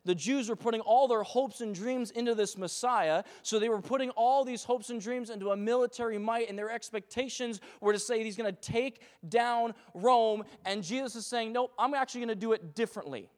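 High-voiced animated male preacher in a hall. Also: moderate pace, hardly any pauses. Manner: animated, acts out voices of doubting people. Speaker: pastor. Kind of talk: sermon. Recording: long reverb of a church hall.

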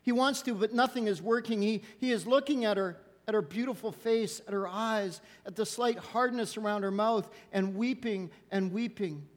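High-voiced preacher in a reverberant hall. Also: male voice, moderate pace, few pauses. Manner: dramatic storytelling with soft hushed lows. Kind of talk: sermon storytelling.

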